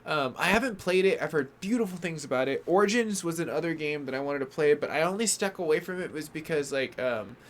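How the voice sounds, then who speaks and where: A man's voice: fairly high pitch, lively intonation, fast talker, few pauses. Chatty man streaming a game. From San Francisco Bay Area, California. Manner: rambling, chatty, greets chat viewers by name, frequent "like" and "um". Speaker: gaming livestreamer. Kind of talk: casual live gameplay commentary.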